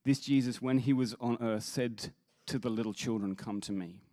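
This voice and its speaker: A man's voice: mid-range voice, steady tone, normal speed, mellow, no room sound. A man speaking as a worship leader, giving an earnest sermon-style talk that stumbles over restarts and then rises into emphatic quoted scripture.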